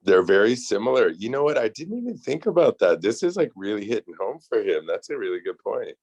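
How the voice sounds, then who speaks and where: Low-voiced casual man on a podcast. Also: sing-song, fairly quick, a little mellow, no room sound, highs cut off. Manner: loose, joking, lots of fillers. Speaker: podcast co-host. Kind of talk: casual chat.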